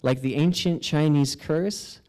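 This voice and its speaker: A man's voice: fairly high pitch, a little slow, warm tone, rough recording. A man performing an earnest first-person storytelling monologue with a sense of wonder. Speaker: spoken-word performer.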